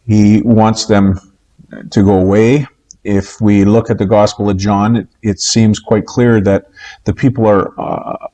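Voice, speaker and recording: A man teaching a recorded Bible lesson, in a measured way with many pauses and "uh" fillers. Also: on the low side, darkish tone.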